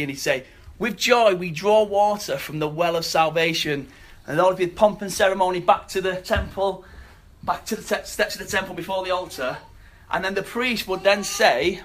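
A man delivering a sermon in a fairly high voice, faint background noise around him. He tells the story earnestly, easing into quieter, softer emphasis when a point matters. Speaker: preacher.

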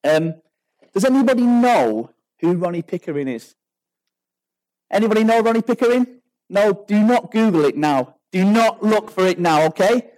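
A man's voice: sits high, animated, normal speed, a little mellow, poor audio. A man with a British accent giving an informal, chatty sermon, telling stories with many restarts and rhetorical questions. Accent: British English. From Britain. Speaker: preacher.

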